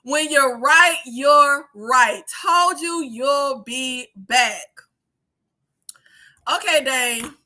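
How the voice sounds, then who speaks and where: A woman in her thirties chatting casually on a livestream in an animated way, swearing freely, laughing and using many fillers. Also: high voice, drawn-out words. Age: 30s. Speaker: YouTube creator.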